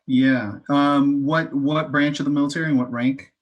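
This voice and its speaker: Husky halting man at the game table. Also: a little high, fairly even intonation, rough recording. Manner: hesitant, halting, with many fillers. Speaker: player. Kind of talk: casual tabletop role-play.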